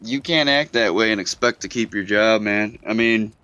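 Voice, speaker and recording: A male co-host with a bright, forceful tone and a dry, close sound, giving relaxed and profane reactions in casual podcast talk. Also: on the low side, normal speed, clean tone, no room sound, dull audio. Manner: laid-back reactions, swears casually.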